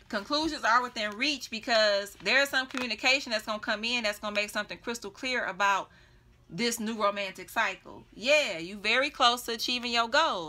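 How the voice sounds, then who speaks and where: A woman's voice: on the high side, sharp tone. A woman giving a casual tarot reading, chatty and blunt, laughing often and swearing freely. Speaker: tarot reader.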